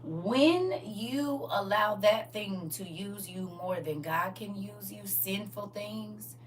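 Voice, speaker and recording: A woman's voice: mid-range voice, takes it slowly. A woman preaching a livestreamed sermon, fervent and exhorting in a colloquial style. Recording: distant mic with faint noise.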